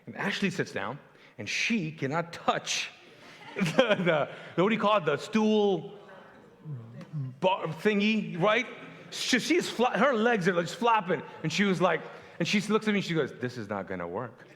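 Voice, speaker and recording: A middle-aged man from Pakistan preaches in a loose, conversational way, acting out the voices in his stories with self-deprecating humor. His voice sits fairly high for a man. The sound carries a long reverb from a large hall. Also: unhurried. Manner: animated storyteller, acts out quotes, self-deprecating humor. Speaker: pastor.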